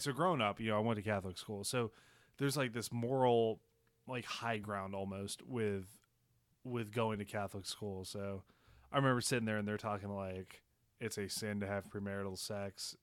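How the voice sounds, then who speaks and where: A man's voice: lowish voice, a bit bright, dry recording. Blunt, crude-talking man, dry sound. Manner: blunt, crude, wry asides. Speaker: podcast host. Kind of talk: casual chat.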